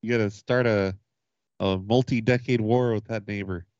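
A man co-hosting a casual comedy show, joking in a deadpan way. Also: on the low side, normal speed, no echo, muffled recording. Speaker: podcast co-host.

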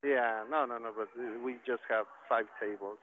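A man working at a restaurant answering the phone, polite and hesitant, with halting phrasing. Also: medium pitch, steady tone. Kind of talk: phone conversation. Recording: tinny phone line with faint hiss.

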